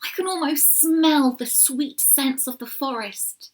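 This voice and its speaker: A woman voicing an eager little male country bunny in a storybook reading, bouncy and high. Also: lively intonation, moderate pace. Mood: longing.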